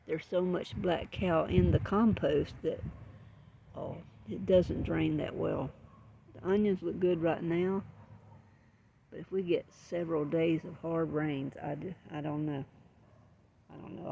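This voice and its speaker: Older Southern US woman gardener, homespun rambling talk, gravelly and mellow, muffled outdoor recording. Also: sits low, fairly even intonation, measured pace, a little hiss or hum. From Southern United States. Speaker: garden vlogger. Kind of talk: casual garden vlog.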